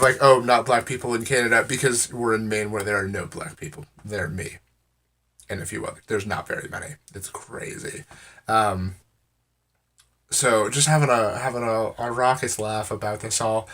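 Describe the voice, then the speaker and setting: Wry, rambling American man with a bright voice. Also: medium pitch, normal speed. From United States. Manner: rambling, full of "I'm like" and fillers; wry, amused. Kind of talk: casual storytelling to camera.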